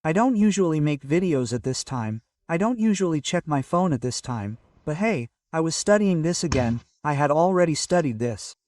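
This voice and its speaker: A man's voice: on the high side, animated, moderate pace, hardly any pauses, darkish tone, dry recording, clean studio sound, distant mic. A man giving an earnest, casual motivational talk to camera and often checking in with "okay?". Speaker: motivational vlogger. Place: at home early in the morning.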